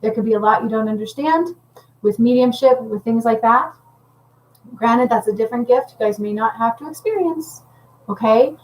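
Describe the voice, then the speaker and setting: A woman's voice: fairly high pitch, moderate pace, poor audio. A woman working as a spiritual healer and medium, talking casually and intensely to viewers on a livestream, rambling and often checking in with "okay?".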